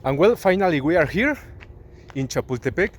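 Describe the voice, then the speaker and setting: Speaking brisk, second-language English with big pitch swings in a slightly high voice, this Mexican man vlogs outdoors in a city park and on a busy avenue. Spanish is his first language, and his accent is Mexican Spanish; he's earnest, hunting for words and restarting sentences. Audio moves from a phone mic with light street noise to a clip-on wireless mic.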